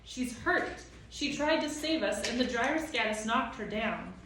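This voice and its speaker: A woman reading aloud as a worried young boy, earnest and desperate. Her voice echoes loudly around the room. It sounds distant from the mic. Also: on the high side, animated, a little slow, a little hiss or hum, pitched above the performer's own voice.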